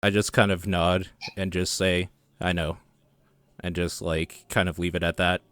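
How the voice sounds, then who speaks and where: A man playing a tabletop game, describing his character's actions calmly. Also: deep voice, a little slow, smooth, no room sound. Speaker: player. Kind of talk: casual tabletop role-play.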